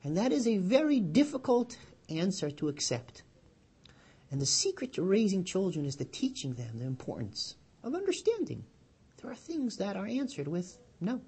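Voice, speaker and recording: A man, a rabbi, giving a weekly Torah sermon, telling a story with lively quoted voices and then dropping low and quiet to draw the lesson. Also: moderate pace, breathy edge. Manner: animated storyteller, loud and high when quoting.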